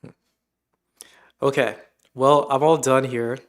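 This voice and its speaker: A man's voice: medium pitch, steady tone, takes it slowly. A man on a live stream reacting casually to a video and memes, musing aloud and chuckling as he talks to himself.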